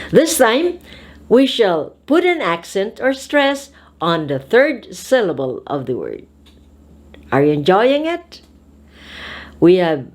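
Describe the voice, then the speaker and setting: A woman speech teacher slowly drilling word stress, pronouncing each word with deliberate care and talking straight to her viewers. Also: lowish voice, a little mellow. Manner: instructive, addresses viewers directly. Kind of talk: pronunciation drill lesson.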